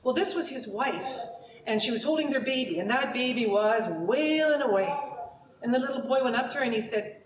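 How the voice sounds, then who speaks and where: A woman telling a folk tale aloud to children and families in a lively, chatty way, with asides to the listeners. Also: on the high side, fairly quick, noisy background. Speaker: storyteller. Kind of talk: oral storytelling for children and families. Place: community centre room before a live audience. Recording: roomy hall recording from a distance.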